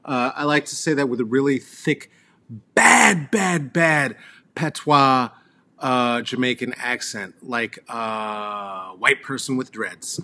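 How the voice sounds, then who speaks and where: A man's voice: medium pitch, slow, pushed and bright. A middle-aged man hosting a rambling solo comedy monologue, crude and sarcastic, full of fillers and trailing asides. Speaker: comedy show host. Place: Colorado.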